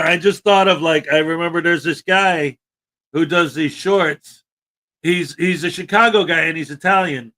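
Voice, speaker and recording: A man's voice: fairly high pitch, bright, forceful tone. A man hosting a live stream, chatting casually and rambling, often laughing and trailing off mid-thought. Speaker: host.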